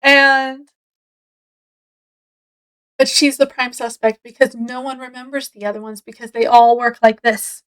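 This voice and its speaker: A woman casually retelling a mystery novel's plot in a book review, rambling and full of fillers, often trailing off quietly. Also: a little high, flat delivery, unhurried, long pauses, low-quality recording. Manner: rambling, retells scenes with quoted voices; lots of fillers, trailing off softly.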